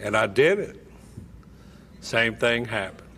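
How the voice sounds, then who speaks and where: A man telling a wry, deadpan story from his own life at a recovery meeting. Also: medium pitch, slow pace, slight background noise. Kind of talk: humorous personal storytelling.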